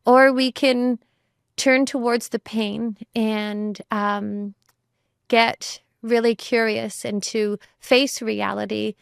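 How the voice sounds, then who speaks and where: A woman's voice: fairly high pitch, fairly even intonation, slow pace, creaky, clear, resonant tone, no echo, clean studio sound. A woman who is a mother, talking as a guest in a reflective conversation, thoughtful and full of "you know" and "like" fillers.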